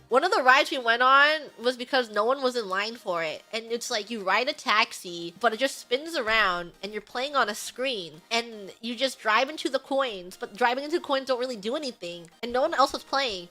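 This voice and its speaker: A woman streamer telling a story in casual chat, animated, laughing often and acting out the lines she quotes. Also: fairly high pitch, normal speed, few pauses, faint music behind.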